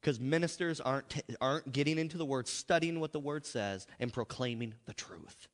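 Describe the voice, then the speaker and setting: An American man preaching a revival sermon in a church, emphatic and joking, with big swings between loud and soft. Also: medium pitch, brisk. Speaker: pastor. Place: large church sanctuary. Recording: long hall reverb.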